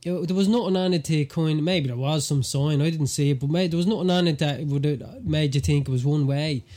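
A man's voice: a little high, a little fast, mellow. An Irish man in a casual chat, animatedly telling a story and acting out the quotes. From Ireland.

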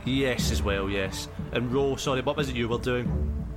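A man's voice: mid-range voice, normal speed. A man narrating as game master, rambling with many ums. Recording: music under the talk.

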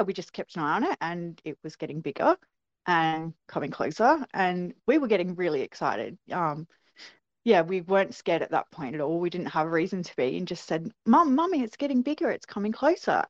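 Lively woman telling her story. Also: low voice, no room sound. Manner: animated storytelling with childlike quoted voices. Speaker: interview guest. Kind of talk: recounting a personal experience. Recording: dry, dull lo-fi sound.

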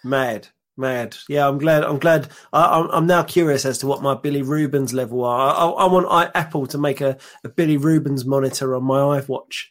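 A man's voice: mid-range voice, fairly quick, few pauses. Joking man in casual banter. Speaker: podcast co-host. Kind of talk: casual chat.

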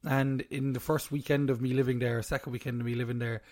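A man's voice: mid-range voice, flat delivery, quick pace, a little mellow. Male podcast co-host, teasing and chatty, recorded at home. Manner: teasing, chatty, bursts into put-on hype. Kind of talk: casual chat.

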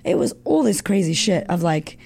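A woman's voice: medium pitch, sing-song, moderate pace, gravelly, darkish tone. A woman guest in an interview, telling a personal story casually and candidly, swearing often and filling her talk with "like".

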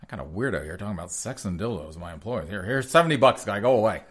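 A man voicing a gruff, fed-up restaurant manager who brushes off a customer. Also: fairly low pitch, lively intonation, fast talker, fairly bright tone. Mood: annoyed. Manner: curt, dismissive.

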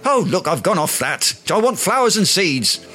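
A man's voice: high-pitched, big pitch swings, moderate pace, pushed and bright, soft background music, exaggerated voice. An actor playing a pompous, self-important Englishman in a radio sitcom, speaking in flowery words. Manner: grandiloquent, long-winded, flowery words.

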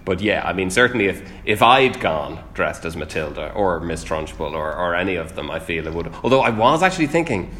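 A man's voice: low-pitched, sing-song, fairly quick, few pauses, fairly bright tone, slight background noise. A man chatting casually on a panel, trailing into asides and laughing often. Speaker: podcast panelist. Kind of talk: casual chat.

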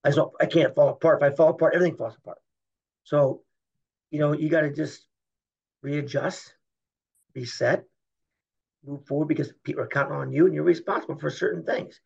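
A man's voice: fairly high pitch, fairly quick, gravelly, pauses often, a little mellow, husky. A middle-aged man, a former Olympic wrestler, telling rambling, emphatic stories in an interview and acting out the dialogue. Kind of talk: candid storytelling interview. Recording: muffled lo-fi podcast audio.

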